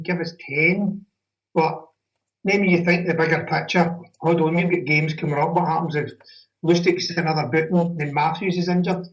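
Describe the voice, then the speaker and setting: A man's voice: a little high, a bit bright, distant mic, low-quality recording. A Scottish man calling in to a football podcast, blunt, sweary and rambling. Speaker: caller. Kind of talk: casual football chat.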